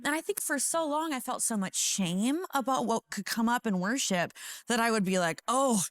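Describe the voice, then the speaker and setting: A woman's voice: fairly high pitch, expressive, normal speed, fairly bright tone, no echo. A woman guest on a faith talk show, telling a personal story with earnest feeling and acting out her inner dialogue. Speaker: worship leader guest.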